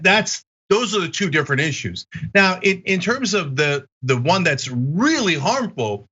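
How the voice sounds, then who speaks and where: A man in a heated political commentary, combative and mocking. His voice is bright and forceful, sitting a little high for a man. The sound is slightly dull and lo-fi.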